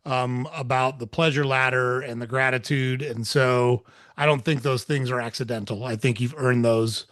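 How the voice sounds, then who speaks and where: A man hosting a podcast interview, talking upbeat and quick with filler words. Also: mid-range voice, fairly even intonation, a bit bright, no echo, clean studio sound. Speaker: podcast host.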